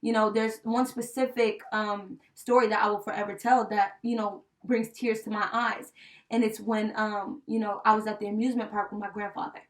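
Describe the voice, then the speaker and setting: A young woman co-hosting a podcast, telling a personal story in casual chat, heartfelt and animated, with many fillers like "you know" and "right?". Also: mid-range voice, moderate pace. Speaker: podcast co-host. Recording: voice a bit distant from the mic.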